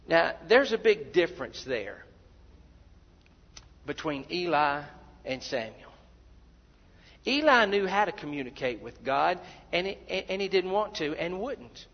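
A man preaching a sermon, who acts out the voices of the people he quotes and repeats words when he gets excited. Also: a little high, measured pace, long pauses. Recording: dull sound in a big reverberant hall.

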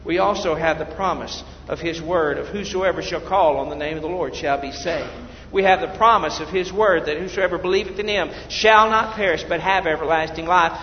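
A pastor with a fairly high voice preaches an evangelistic sermon in a church sanctuary, talking briskly with hardly any pauses. He swings from loud, urgent preaching to hushed prayer, and the recording of the echoey hall is dull with faint noise.

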